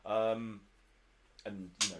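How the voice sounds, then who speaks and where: A man's voice: on the low side, little pitch movement, takes it slowly. A British man running a tabletop game as game master, narrating in a rambling, stammering way, in a noisy home recording.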